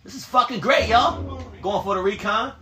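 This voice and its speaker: A man streaming a game live, commenting loudly and profanely and trash-talking his teammates in excited bursts. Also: high-pitched, normal speed, reverberant.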